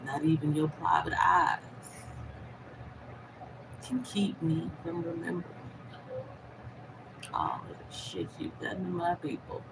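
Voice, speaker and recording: A woman talking straight to her viewers in a casual, emphatic vlog monologue, moving between loud, swearing outbursts and hushed, half-whispered asides. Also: lowish voice, noisy background. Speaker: vlogger, host of her own channel.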